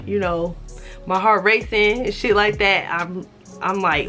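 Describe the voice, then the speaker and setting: Young woman vlogger, bright tone, animated and profane storyteller, acts out other voices, faint music underneath. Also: mid-range voice, a little slow. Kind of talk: casual storytime.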